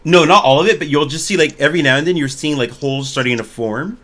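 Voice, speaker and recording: A man's voice: on the high side, quick pace, fairly bright tone. A man narrating as game master for an online tabletop game, talking casually with lots of "like" as he describes the scene. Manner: casual, filler-heavy narration. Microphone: online voice call.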